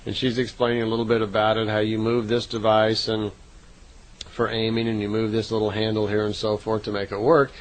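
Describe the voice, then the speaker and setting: A man's voice: on the low side, fairly even intonation, fairly quick, rough recording. A man recounting events in a casual, unscripted way, speaking conversationally with frequent fillers and self-corrections. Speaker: narrator recounting contact reports. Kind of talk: casual spoken retelling.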